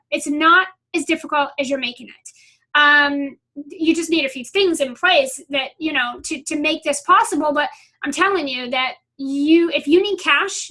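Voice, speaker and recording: A woman's voice: high-pitched, sharp tone. A middle-aged woman business coach, talking bluntly and with some swearing, with plenty of ums. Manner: blunt and profane, with fillers. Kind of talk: coaching talk.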